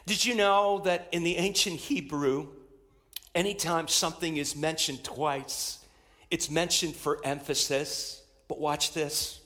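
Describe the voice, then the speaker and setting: A man's voice: a little high, fairly even intonation, a little slow, a bit bright. A man preaching a sermon to his church in an emphatic style, repeating phrases as he builds intensity. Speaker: pastor.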